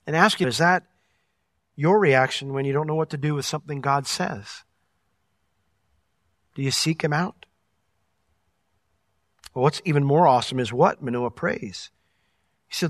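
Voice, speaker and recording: Pastor preaching a sermon, bright and high-voiced, animated, dry close sound. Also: male voice, moderate pace, pauses often, dry recording.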